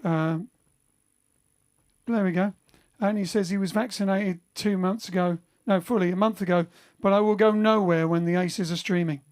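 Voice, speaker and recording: A man's voice: sits high, steady tone, moderate pace, darkish tone. Guy chatting on his band's lockdown livestream, reading viewer comments, rambly, lots of um and uh. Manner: rambling, chatty, with many fillers and restarts. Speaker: band member hosting a livestream. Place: home during lockdown.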